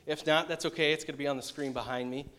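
A man pastor giving a sermon, talking in a relaxed, conversational way and reading scripture aloud. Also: fairly high pitch, fast talker. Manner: casual, conversational preaching. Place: church sanctuary with a screen.

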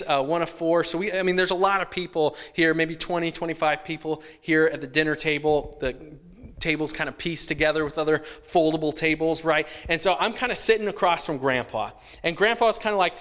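A man gives a sermon in a slightly higher voice, slipping into an animated storytelling mode with acted-out childhood voices. His voice carries a long reverb from a large hall. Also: clear, resonant tone. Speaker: pastor.

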